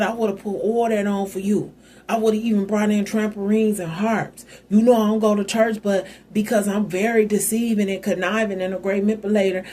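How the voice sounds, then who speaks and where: A woman voices a wronged older father-in-law who brags about money and power. The tone is soft and husky, dark rather than bright, and the delivery is accusing and streetwise. It reads as a scripture scene retold in casual modern talk. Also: medium pitch.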